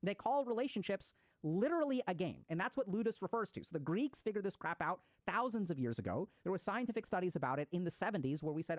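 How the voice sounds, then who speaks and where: Speaking quickly with hardly any pauses, this mental health speaker delivers a recorded psychology talk on attachment styles. His voice sits high and his intonation is lively as he explains ideas and acts out daily-life examples, all in a dry recording.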